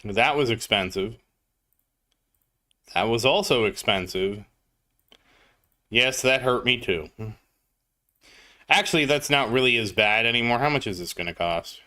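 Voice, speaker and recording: A man's voice: mid-range voice, animated, unhurried, long pauses, bright, forceful tone. A man streaming a mobile game, chatting casually as he plays and greeting viewers in chat by name. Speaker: gaming livestreamer. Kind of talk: casual gameplay commentary.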